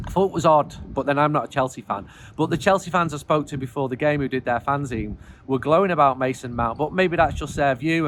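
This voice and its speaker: A man's voice: a little high, fairly bright tone, a little hiss or hum. A middle-aged man, a football fanzine editor, talks through player ratings outdoors on a cold, wet night, sounding frustrated and rambling. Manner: frustrated, rambling, self-deprecating. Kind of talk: casual spoken video commentary.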